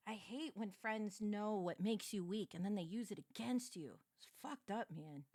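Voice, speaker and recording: A young woman streamer in casual live chat, excitable and sweary, often breaking into laughter and shouts. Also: mid-range voice, a little slow, dry recording, clean studio sound.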